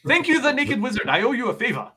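A man's voice: very high voice, sing-song, fast, bright, forceful tone, breathy edge, voice pushed up, exaggerated voice. A man voicing a polite, grateful giant alligator. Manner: polite, courtly.

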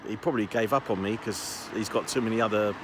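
A man's voice: fairly low pitch, fairly even intonation, fast talker, background noise. A man vlogging casually as he walks city streets, telling rambling stories with plenty of restarts. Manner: chatty, rambling storyteller with laughs. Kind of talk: casual walking vlog chat.

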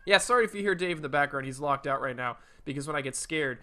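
A man giving casual, animated gameplay commentary from his home, jumpy and swearing freely. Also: a little high, quick pace. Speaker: let's play host. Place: home room with a cat nearby.

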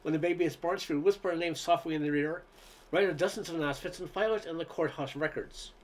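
Man reading a humorous essay, slightly high voice. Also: fast talker. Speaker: reader.

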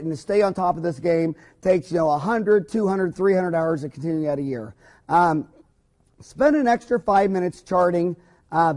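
In an informal recorded talk for other dentists, a male dentist with a high, mellow voice holds forth. He's emphatic and folksy, wandering off on many asides as he goes.

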